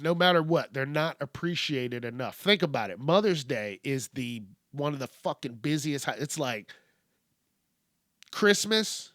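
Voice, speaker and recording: Male solo host, blunt profane rant, unhurried delivery, dry close sound. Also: a little high, fairly bright tone, no echo. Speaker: podcast host. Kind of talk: solo ranting monologue.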